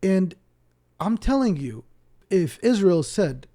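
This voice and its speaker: West bank guy on a podcast, warm mellow voice, keeps stumbling and restarting, really animated. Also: high-pitched, slow, pauses often. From West Bank, Palestine. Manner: animated, acts out dialogue, repeats words when starting sentences. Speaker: podcast guest, Islamic teacher. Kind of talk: casual storytelling interview.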